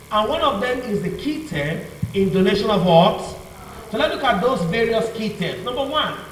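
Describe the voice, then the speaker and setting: High-pitched guy teaching a law revision class, keeps asking "what?", echoey room, mic far away. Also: fairly bright tone, slight background noise. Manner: call-and-response questioning, repeats "what?" for the class to fill in. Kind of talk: classroom lecture.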